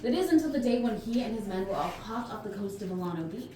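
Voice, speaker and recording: A woman's voice: mid-range voice, animated, quick pace, mellow. A young woman guiding a ghost tour, telling scripted stories with playful puns and chatting with the crowd. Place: outdoors on a night tour stop. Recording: echoey, distant, faint noise.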